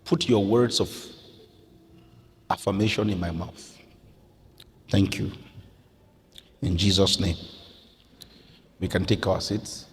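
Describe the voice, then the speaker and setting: A man from Nigeria preaching a sermon as pastor, moving from quiet prayer to impassioned, near-shouted exhortation. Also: low-pitched, takes it slowly, long pauses, big-room sound, slight background noise. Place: church sanctuary.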